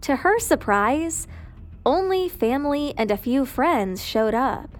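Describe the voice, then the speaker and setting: A woman narrating a dramatic family story in a scripted, even storytelling delivery. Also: high voice, slow.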